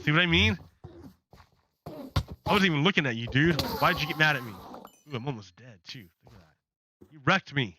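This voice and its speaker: A man's voice: medium pitch, noisy background. A man giving chatty, sarcastic commentary while playing a game, often restarting sentences. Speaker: gaming channel host.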